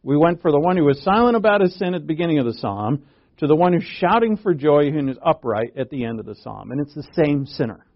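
A man preaching a sermon, earnest and halting, restarting phrases and pushing his voice up for emphasis. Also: fairly high pitch, expressive, highs cut off. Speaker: pastor.

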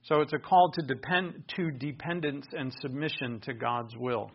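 A man preaching a sermon from the pulpit, earnest, with sudden loud emphatic bursts. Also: mid-range voice, moderate pace, breathy edge, dull audio. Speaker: pastor.

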